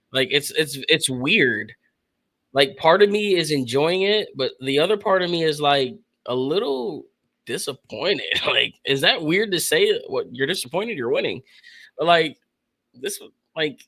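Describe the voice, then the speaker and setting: Young man, streamer, football play-by-play, slangy, excitable, bright voice. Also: fairly high pitch. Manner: excitable, laughs often, slangy. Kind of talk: casual live play-by-play and chat reaction.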